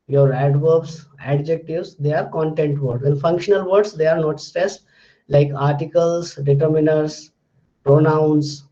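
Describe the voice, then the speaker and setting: A man's voice: on the high side, dark tone, lo-fi sound. A male lecturer explaining things step by step, repeating his words and examples with frequent fillers. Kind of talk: recorded lecture.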